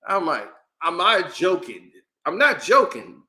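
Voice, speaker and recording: A man holds forth in a loose, unscripted rant. His voice is very bright and sits a little high for a man. He talks with exasperated energy, slangy and quick to laugh. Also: big pitch swings. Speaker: commentary channel host. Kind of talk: casual opinion rant.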